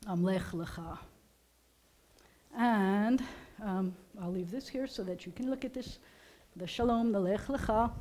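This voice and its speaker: An older American woman, a rabbi, giving a casual, teacherly sermon with gentle jokes to her congregation in a synagogue. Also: medium pitch, unhurried, long pauses. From United States. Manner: chatty, teacherly, gently joking. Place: synagogue sanctuary during a service.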